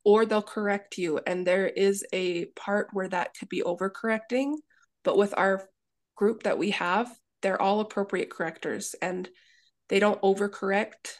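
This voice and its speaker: A woman's voice: medium pitch, fairly even intonation. A woman who runs a dog daycare, explaining training in an earnest, casual way and acting out what dogs and owners say. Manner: earnest, acts out dogs and owners in quick asides. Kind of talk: casual interview talk.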